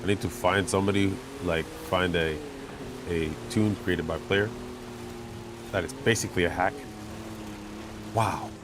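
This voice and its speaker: A man giving chatty, self-mocking commentary while playing a racing game, getting excited when he pulls ahead. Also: sits low, measured pace, long pauses. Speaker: gamer commentating his play. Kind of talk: casual gameplay commentary. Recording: game engine noise behind voice. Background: racing game car sounds.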